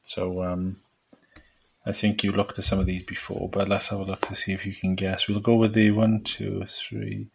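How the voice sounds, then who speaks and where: A man co-hosting a podcast, quizzing the others in a relaxed casual chat. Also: sits low, moderate pace, gravelly, husky. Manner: relaxed quiz-style prompting. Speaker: podcast co-host.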